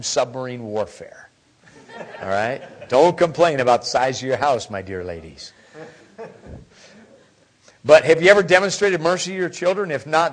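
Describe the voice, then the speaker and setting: A middle-aged man preaching a sermon, telling humorous stories and swinging from hushed near-whispers to loud exclamations. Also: medium pitch, breathy edge. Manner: humorous storytelling. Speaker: pastor.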